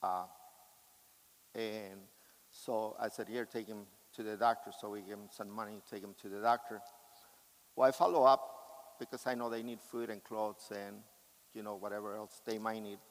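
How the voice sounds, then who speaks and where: A man's voice: fairly low pitch, steady tone, moderate pace, long pauses, in a large hall, poor audio. A man preaching a sermon with impassioned, emphatic delivery.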